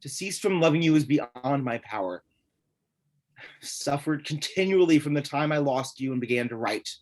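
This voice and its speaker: A man's voice: a little high, expressive, normal speed, darkish tone, close to an everyday voice. A man playing a lovesick, despairing young writer in a live streamed stage reading, speaking in an intense, pleading way. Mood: anguished.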